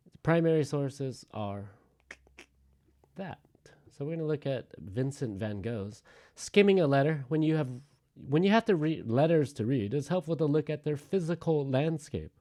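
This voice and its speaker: A male teacher giving a relaxed, chatty lecture to his class, with joking asides and thinking out loud as he goes. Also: medium pitch.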